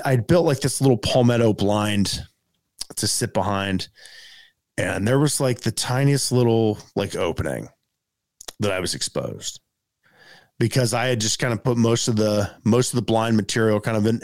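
A man telling a casual story as a podcast guest, rambling and animated, full of fillers like "man" and "dude.". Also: lowish voice, no echo, studio quality.

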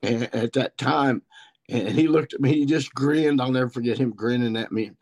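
A man's voice: mid-range voice, normal speed, a little mellow. A man in his sixties from Missouri with an Ozarks accent, a podcast guest telling stories about turkey hunting in a rambling, folksy country way. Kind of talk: podcast storytelling.

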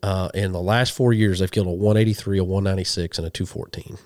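A man from western Oklahoma, a hunting show guest, telling animated stories in a casual interview and quoting people as he goes. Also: deep voice, fast, dry recording, clean studio sound. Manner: animated storyteller, quotes people in dialogue.

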